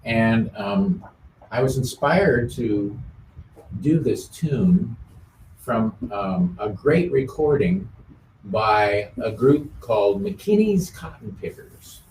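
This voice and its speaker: A man hosting a music show in casual chat, easygoing, with many filler pauses. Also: mid-range voice, expressive, darkish tone, slight background noise. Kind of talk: casual chat about old songs. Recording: roomy sound from a distant mic.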